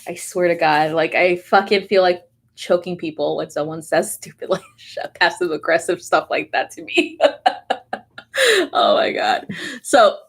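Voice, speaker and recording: A woman's voice: fairly low pitch, a little slow, creaky. Blunt, laughing woman astrologer. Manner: blunt, heavy swearing, frequent laughter; animated, talks directly to viewers. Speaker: astrology and tarot reader. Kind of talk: casual weekly astrology forecast.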